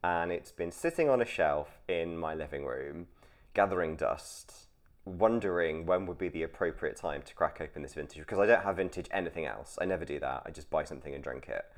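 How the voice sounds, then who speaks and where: A chatty man hosts a casual trivia podcast. His voice sits very low, and he explains things at length with easy laughter. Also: fairly quick. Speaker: podcast host.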